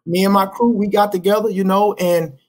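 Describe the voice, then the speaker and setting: A man's voice: high voice, fairly even intonation, fairly quick. A middle-aged man from Dallas, Texas, a podcast guest telling his life story in slangy, casual street talk, often restarting his sentences.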